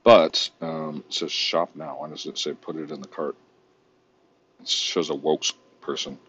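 A man's voice: very deep voice, flat delivery, measured pace, a bit bright, lo-fi sound, a little hiss or hum. A man vlogging in a casual, rambling, profane way while browsing online, often mocking himself.

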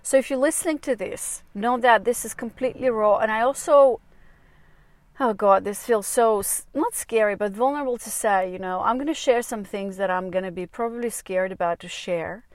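A woman's voice: mid-range voice, normal speed, no echo. Candid swearing woman podcaster, dry car sound. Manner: confessional, rambling, swears freely. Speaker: podcast host and dating coach. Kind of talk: candid solo podcast monologue. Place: parked car. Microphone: small clip-on mic on a phone.

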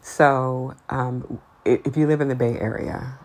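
A woman's voice: very deep voice, steady tone, unhurried, darkish tone. A woman hosting a podcast, giving her blunt, outspoken opinions in a casual monologue, her voice climbing when she gets heated. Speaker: podcast host.

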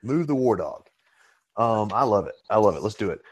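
A man hosting a podcast in relaxed, casual chat. His voice sits a little low for a man, and he often pauses on fillers and restarts as he talks. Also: breathy edge. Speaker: podcast host.

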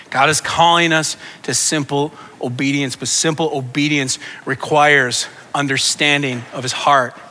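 A man's voice: medium pitch, pushed and bright, slight background noise. A man preaching a sermon as pastor, with impassioned, repetitive preaching that builds in intensity. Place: church sanctuary. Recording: long reverb of a church hall.

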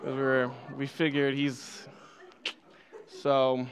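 A man's voice: mid-range voice, completely flat delivery, takes it slowly. A young man preaching a sermon, telling a funny childhood story and laughing often at himself before turning to scripture. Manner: playful, laughs often, self-deprecating. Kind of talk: sermon with personal stories. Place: church.

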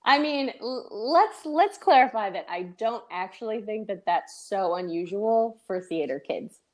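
With an expressive, medium-pitched voice that's a little mellow, this podcast co-host from Tennessee speaks at a measured pace. Her light Southern accent comes through in a casual chat full of "like" and "um."

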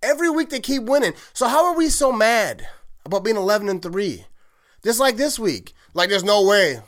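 A man hosting a solo sports podcast, rambling and excited, often correcting himself and laughing at his own slips. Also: high-pitched, moderate pace. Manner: rambling, heavy use of "like", self-correcting. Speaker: podcast host.

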